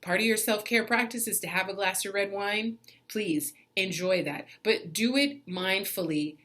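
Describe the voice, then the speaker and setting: A woman in her forties giving casual motivational advice in a self-help vlog, laughing often and jumping up in pitch for emphasis. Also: normal speed, a bit bright. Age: 40s.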